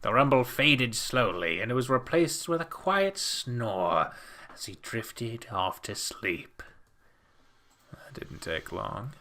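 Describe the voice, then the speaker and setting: Dude reading a dating game out loud, swears a lot, chatty asides. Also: male voice, medium pitch, sing-song, slow. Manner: casual, swears freely, reads the narration softly, then breaks out into loud commentary. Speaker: game streamer. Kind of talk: reading a visual novel aloud with commentary.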